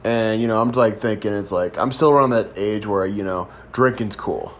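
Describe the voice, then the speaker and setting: A man's voice: on the low side, normal speed. Crude laid-back young man telling stories. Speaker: podcast host. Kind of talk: casual storytelling.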